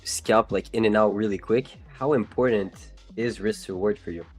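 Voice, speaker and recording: A man's voice: fairly low pitch, faint music behind. Een man die als co-host in een livestream haperend en aarzelend vragen stelt. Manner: halting, hesitant phrasing with fillers. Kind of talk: casual chat on a live stream.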